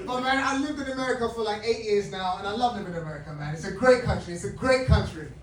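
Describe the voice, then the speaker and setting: A man from England doing a live stand-up set, excitable and laughing often as he works the crowd. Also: high voice, quick pace, a little hiss or hum. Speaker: stand-up comedian. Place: comedy club stage. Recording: roomy club recording from a distance, with loud crowd. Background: loud laughing audience.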